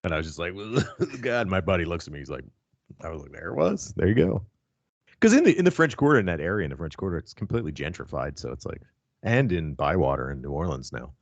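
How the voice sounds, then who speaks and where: A man's voice: deep voice, sing-song, quick pace, no room sound, highs cut off. A man hosting a casual wrestling podcast, telling stories with a lot of swearing and laughter. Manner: profane, laughing, storytelling. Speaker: podcast host.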